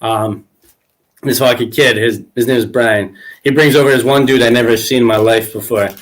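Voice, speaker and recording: A man hosting a podcast, telling crude stories in a casual chat, acting out quotes with big jumps in pitch. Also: normal speed. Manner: animated, acts out quotes with pitch jumps, laughs often. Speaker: podcast host.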